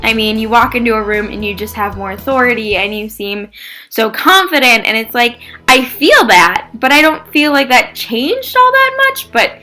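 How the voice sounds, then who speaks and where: A young woman vlogging casually, chatty and animated, often saying "like" and acting out what people said. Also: a little high, normal speed, soft background music. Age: young adult. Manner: chatty, animated, says "like" often, acts out quotes. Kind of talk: casual vlog storytelling.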